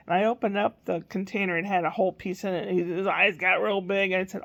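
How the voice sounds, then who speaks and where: A woman's voice: medium pitch, normal speed, vocal fry. An older woman telling a rambling everyday story about her grandson in a casual vlog. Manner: chatty, rambling, quotes a small child in a raised voice. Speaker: grandmother vlogger.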